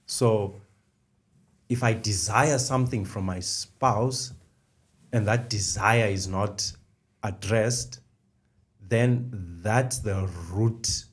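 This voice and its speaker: A man's voice: fairly low pitch, fairly even intonation, very slow, pauses often. A middle-aged man co-hosting a faith podcast, explaining ideas step by step and repeating the key phrases. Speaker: podcast co-host. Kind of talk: conversational faith discussion.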